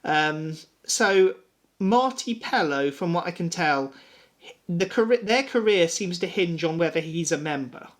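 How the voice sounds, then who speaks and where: A man's voice: a little high, animated, unhurried. A man co-hosting a music podcast, talking in a loose, rambling and sweary way after a few drinks. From England. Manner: rambling, sweary, a little tipsy. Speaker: podcast co-host. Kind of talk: casual chat.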